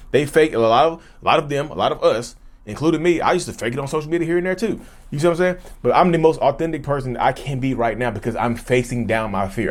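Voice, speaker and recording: Earnest, blunt man speaking frankly. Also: fairly high pitch. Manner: earnest and emphatic, repeats and restarts phrases. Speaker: YouTuber discussing his own narcissism. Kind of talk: unscripted personal monologue.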